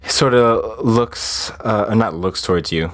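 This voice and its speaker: A man running a tabletop game as game master, playful and quick to laugh while describing scenes. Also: fairly low pitch.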